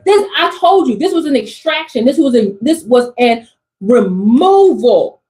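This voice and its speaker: A woman doing a channeled tarot reading for her viewers, animated and exclamatory, in casual slangy speech. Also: on the high side, unhurried, low-quality recording. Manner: animated, exclamatory, talks straight to the audience. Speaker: tarot reader.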